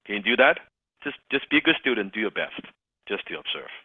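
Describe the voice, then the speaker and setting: Animated sales coach on a phone-quality call. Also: male voice, on the low side, quick pace, slightly rough, no room sound. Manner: animated, acts out sighs and dialogue. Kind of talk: coaching call with role-play examples.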